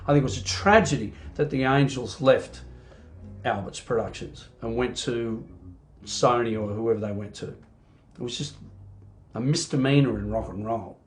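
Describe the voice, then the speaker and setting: Animated Australian man telling stories. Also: medium pitch, normal speed, faint music behind. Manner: animated storyteller, frequent "you know" fillers. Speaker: singer and band frontman. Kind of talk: casual interview chat.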